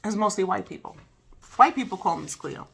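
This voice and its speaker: A woman's voice: mid-range voice, expressive, fairly quick, vocal fry, fairly bright tone, slightly rough. A woman reviewing a documentary in a casual vlog, talking candidly with plenty of swearing and side tangents. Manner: candid, profane, digressive. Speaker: video reviewer.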